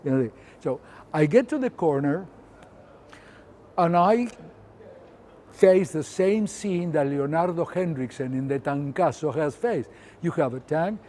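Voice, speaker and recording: A man's voice: a little high, slight background noise. Older Argentine man telling a story. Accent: Argentine Spanish. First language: Spanish. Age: 70s. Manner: animated, acts out scenes with sound effects and quoted voices. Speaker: photographer telling his story. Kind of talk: personal storytelling.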